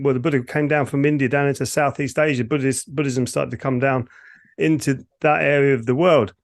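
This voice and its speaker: Male co-host and Ki Gong teacher from the UK, gravelly voice, loose rambling delivery. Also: on the high side. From United Kingdom. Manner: rambling, self-correcting explanations. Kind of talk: casual podcast explanation.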